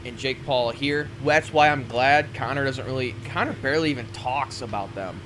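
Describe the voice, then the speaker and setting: A man's voice: medium pitch, normal speed, fairly bright tone, a little hiss or hum. A man co-hosting a casual podcast who makes blunt predictions and swears freely. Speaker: podcast co-host.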